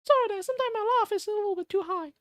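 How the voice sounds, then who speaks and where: A man putting on a very high, squeaky falsetto to voice a cheery male cartoon mouse. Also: racing, fairly bright tone, dry recording, clean studio sound.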